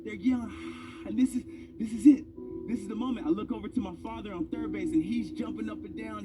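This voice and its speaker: Motivational speaker, man in his thirties, emphatic personal storytelling, high-pitched, loud music bed. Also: a little fast, distant mic. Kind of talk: motivational speech. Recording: speech over loud background music.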